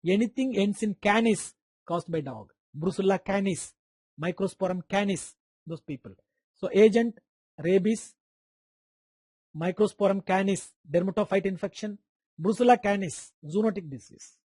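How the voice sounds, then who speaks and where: A man's voice: sits high, moderate pace, a little mellow, no echo. Man with an Indian accent lecturing medicine. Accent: Indian English. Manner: repeats key terms, quizzes students, makes sound effects. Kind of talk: live online lecture.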